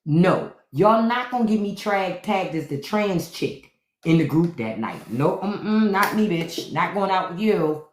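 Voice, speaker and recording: A woman with a deep voice hosting a live stream, telling unfiltered comedic stories, swearing freely and acting out the voices of the people in them. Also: a little slow, reverberant, a little hiss or hum. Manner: profane, animated, acts out other people's voices. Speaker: podcast host on a live stream. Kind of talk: unfiltered comedic storytelling monologue.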